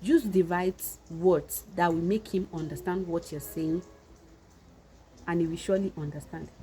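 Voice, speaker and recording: A woman's voice: lowish voice, fairly even intonation, normal speed, mellow, slight background noise, rough recording. A woman with a Nigerian Yoruba accent, giving earnest, repetitive marriage advice in a casual monologue.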